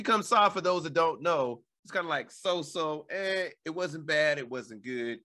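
A man's voice: fairly high pitch, animated, unhurried, bright, forceful tone. A man co-hosting a casual chat, telling stories in a playful, jokey way and laughing along. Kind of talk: casual chat, personal storytelling.

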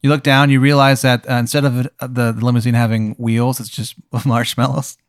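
A man runs an improvised role-playing game, narrating in a casual, meandering way with frequent swearing. His voice sits in an ordinary middle pitch. The recording is dry and close. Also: level tone, a little fast, smooth, dry recording. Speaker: game master.

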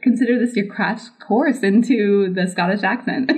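A woman's voice: mid-range voice, normal speed, a little mellow. A woman hosting a podcast, bubbly and effusive, laughing often as she chats with her guest. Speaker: podcast host. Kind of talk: casual podcast interview.

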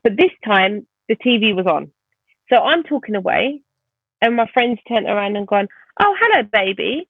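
A woman's voice: medium pitch, moderate pace, dry recording. A woman guest vividly retelling a painful personal story in conversation, speaking animatedly. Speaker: podcast guest. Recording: tinny phone-like line.

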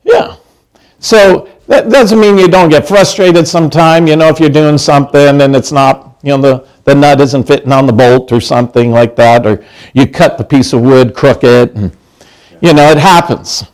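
A middle-aged man preaches in a loose, chatty way, often stopping to ask his listeners a question. His voice sits a little higher than most men's. He restarts phrases often, as if talking with friends. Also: moderate pace, darkish tone, poor audio. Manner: chatty, asks the congregation questions, many restarts. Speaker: pastor. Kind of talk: conversational sermon.

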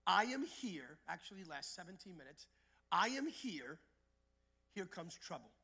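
A male pastor preaching a sermon, building to shouted, rhythmic repetition. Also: high voice, very animated, a little slow, husky.

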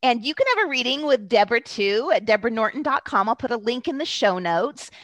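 A woman's voice: on the high side, lively intonation, brisk, fairly bright tone, no room sound. A woman hosting a podcast, chatting casually with a guest in an affirming way. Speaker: podcast host.

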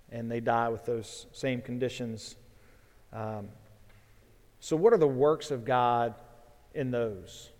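A man's voice: mid-range voice, darkish tone. Earnest preaching man, long hall reverb. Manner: earnest preaching, swelling when reading scripture aloud. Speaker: pastor. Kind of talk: sermon.

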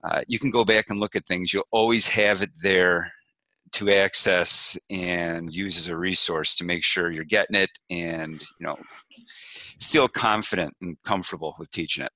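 A man guest on a podcast, explaining his coaching course in casual, steady talk. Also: deep voice, normal speed, dry recording, rough recording. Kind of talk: casual interview chat.

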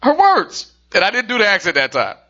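A man's voice: high-pitched, wildly swooping pitch, fairly quick, sharp tone, highs cut off. A man co-hosting a podcast, telling a jokey story in casual chat, swearing now and then. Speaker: podcast co-host.

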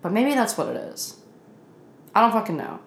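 A woman's voice: medium pitch, lively intonation, normal speed, reverberant. A woman in her twenties ranting in a casual, self-deprecating vlog, swearing often and laughing at herself, sounding tired, at home in her apartment. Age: 20s. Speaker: vlogger. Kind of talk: casual confessional rant.

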